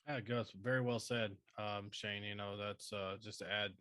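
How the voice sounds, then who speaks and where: A man's voice: fairly low pitch, moderate pace, clean tone, dry recording. Casting note: male veteran podcast host, laid-back, salty language, dry close sound. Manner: relaxed, swears often, fillers. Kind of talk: casual podcast chat.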